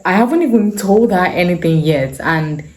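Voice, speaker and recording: A woman in her twenties tells a personal story in an earnest, casual way, often repeating phrases for emphasis. Her voice sits low and sounds mellow. The room is echoey. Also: lively intonation, moderate pace. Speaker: vlogger telling a personal story.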